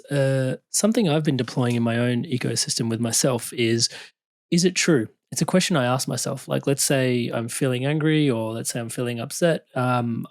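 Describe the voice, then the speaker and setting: Podcast host, male, mid-pitched, dry close sound, reflective and chatty. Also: no room sound. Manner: reflective, filler-heavy questions. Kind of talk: interview chat.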